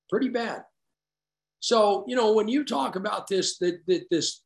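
A man sharing his personal story at a recovery meeting, candid and self-deprecating, halting and restarting as he talks. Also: on the high side. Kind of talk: personal story told to a group.

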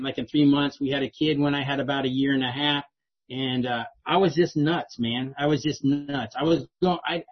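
A man's voice: on the high side, husky. A middle-aged man telling his own recovery story to a meeting, streetwise and self-mocking, often tagging his lines with "right?". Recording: dull lo-fi recording.

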